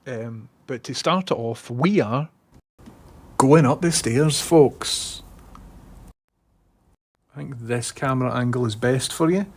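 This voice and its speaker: At home with a head-mounted phone, this Scottish streamer talks to his viewers in an eager, chatty way. His mid-range voice moves slowly, broken up by long pauses.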